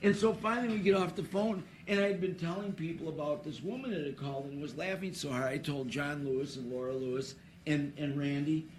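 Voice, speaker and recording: A man's voice: a little high, brisk, a little hiss or hum. A man announcing a trivia contest, who tells a story at an awards ceremony before a live audience. He rambles, laughs and restarts his sentences.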